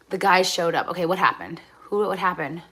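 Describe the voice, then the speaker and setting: A woman's voice: on the low side, fairly bright tone. A woman hosting a casual livestream as she cooks fried rice at home, chatting with viewers and reading out their comments, moving between cheerful and indignant. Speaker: livestream host. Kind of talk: casual livestream chat while cooking. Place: home kitchen. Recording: faint background noise from frying food. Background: food sizzling in a pan.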